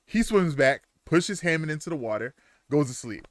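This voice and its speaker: A man's voice: a little high, animated, normal speed, no echo, clean studio sound. A young man streaming a game live, chatting casually and crudely and retelling events animatedly. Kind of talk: live gameplay commentary.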